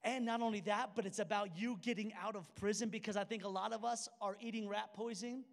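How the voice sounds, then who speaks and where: A young man preaching in a casual, storytelling way, slipping into the voices of the people in his stories. His voice sits high for a man. The sound is a sermon in a large church hall with a long, trailing reverb. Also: fairly even intonation, a little fast, vocal fry. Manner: conversational, storytelling preacher who acts out dialogue. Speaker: pastor.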